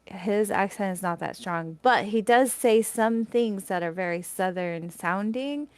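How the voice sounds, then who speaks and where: A woman's voice: medium pitch, measured pace, smooth, dry recording. A woman from Northern California with a California accent, chatting casually as a co-host and laughing easily. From Northern/Central California. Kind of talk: casual chat.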